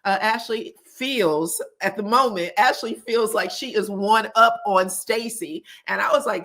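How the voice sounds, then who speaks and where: A woman hosting a chatty, sassy recap of a reality show, talking straight to her viewers with quick asides. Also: mid-range voice, lively intonation, a bit bright. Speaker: host. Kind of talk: casual reality-TV recap commentary.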